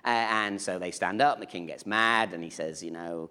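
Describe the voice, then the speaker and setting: A man's voice: deep voice, normal speed, sharp tone, clear, resonant tone. A man preaching a sermon in church, conversational and humorous, with playful asides.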